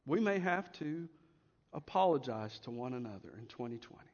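A man preaching a sermon as pastor, swinging between loud emphasis and hushed asides. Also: medium pitch, expressive, normal speed, big-room sound, highs cut off.

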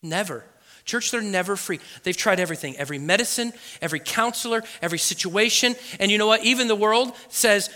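A man's voice: high-pitched, brisk, pushed and bright. A man preaching a sermon as pastor in a church, building with emphatic repetition. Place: church sanctuary. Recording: echoey hall with long reverb.

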